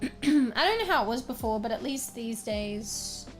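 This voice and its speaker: A woman's voice: fairly high pitch, lively intonation, unhurried, faint music behind. A young woman with an Australian accent, chatting casually with her stream viewers. She rambles, fills her talk with fillers, and her voice is slightly worn. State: slightly losing her voice, clearing her throat. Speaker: livestreamer. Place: small room at home.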